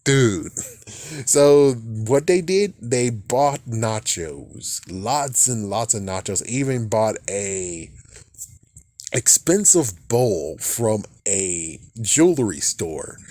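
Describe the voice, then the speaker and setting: A man's voice: lowish voice, expressive, drawn-out words, darkish tone, dry recording, clean studio sound. A young man recapping a movie in a loose, rambling way, swearing freely and restarting his sentences. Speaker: movie reviewer.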